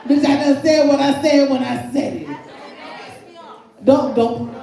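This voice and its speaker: A woman hosts a live show with loud, playful, crude banter and chanted calls to the mic. She speaks in a slow, drawn-out way. A crowd and music fill a very echoey room. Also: a little high. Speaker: show host. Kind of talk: live event hosting, banter. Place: live poetry venue.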